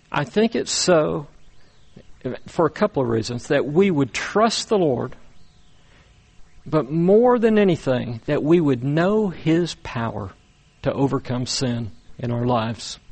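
A man preaching a sermon, speaking deliberately with frequent pauses and repeated words as he walks through scripture. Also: fairly high pitch, lively intonation, slightly rough. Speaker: pastor.

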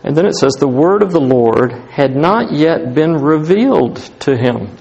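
A man preaching a sermon as pastor, animated, rising to emphatic highs and dropping to hushed tones. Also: unhurried, vocal fry, husky, lo-fi sound, faint music behind.

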